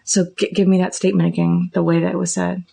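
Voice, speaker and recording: A woman's voice: fast, gravelly, husky. A middle-aged woman therapist hosting a podcast, explaining ideas casually and acting out little example dialogues. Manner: animated, acts out example dialogues with raised pitch.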